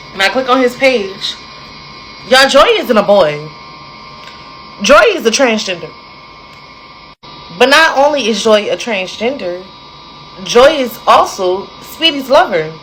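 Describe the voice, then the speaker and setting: Young adult woman, casual storytime, animated, talks to listeners, slightly high voice. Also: slight background noise, rough recording. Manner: animated, addresses listeners directly, dramatic pauses.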